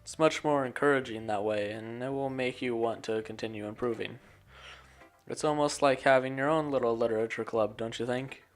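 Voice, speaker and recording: A man voicing a cheerful young woman who leads a literature club, reading her game lines in a flat monotone. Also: medium pitch, brisk, faint music behind, lightly acted. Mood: advising. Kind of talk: game dialogue read aloud.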